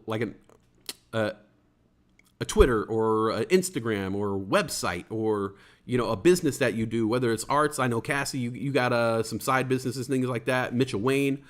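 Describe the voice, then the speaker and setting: A man hosting a casual livestream talk show, rambling and joking, with many fillers and stuttered restarts. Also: mid-range voice. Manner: jokey, playful wordplay.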